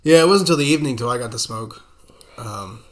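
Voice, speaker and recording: A man's voice: mid-range voice, lively intonation, quick pace. A man co-hosting a podcast in casual chat, giving short, dry, blunt comebacks. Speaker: podcast co-host.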